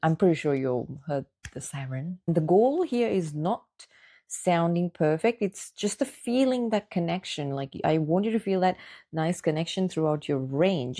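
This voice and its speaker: Woman, vocal coach, unhurried delivery, warm dark tone, encouraging, guided singing lesson. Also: on the low side. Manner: encouraging, talks the listener through exercises.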